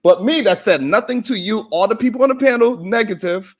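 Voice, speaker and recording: A man's voice: high-pitched, a little fast. A man hosting a live stream, telling a story at length, acting out the voices in it and greeting his chat by name. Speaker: live stream show host. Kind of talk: animated live stream monologue.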